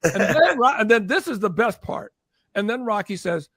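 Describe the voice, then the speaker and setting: An older man, a former record promotion executive, telling animated stories as a guest and acting out the people in them. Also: fast talker, creaky, dry recording. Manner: acts out quoted voices, rising high and loud. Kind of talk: animated storytelling.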